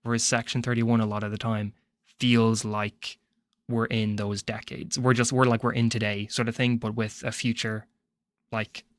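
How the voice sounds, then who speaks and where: A man's voice: lowish voice, flat delivery, moderate pace, no room sound. An Irish man giving a casual spoken film review, rambling and opinionated, with frequent restarts.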